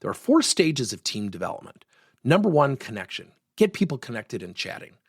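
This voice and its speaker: A middle-aged man giving a workplace coaching lesson, telling stories and acting out the dialogue with lively energy. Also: medium pitch, fairly quick, breathy edge, no echo, clean studio sound. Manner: animated, acts out quoted dialogue.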